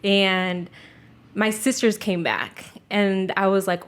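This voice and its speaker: Young woman, casual storyteller, lots of "like", swears freely, even middle-pitched voice. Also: slow pace. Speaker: guest telling a story. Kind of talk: casual chat.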